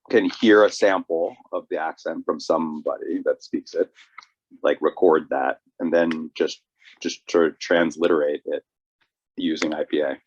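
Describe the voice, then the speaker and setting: Very deep-voiced man, halting explainer. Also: darkish tone, slight background noise. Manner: halting, repeats words as he explains. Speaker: podcast co-host. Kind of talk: casual chat. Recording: dull lo-fi recording.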